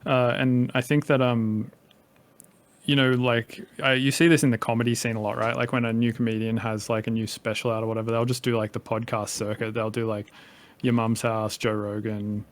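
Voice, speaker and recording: A man's voice: medium pitch, little pitch movement, normal speed. Rambling man with a light Australian accent. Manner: rambling, filler-heavy, casual swearing. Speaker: podcast guest, music producer. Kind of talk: casual conversation.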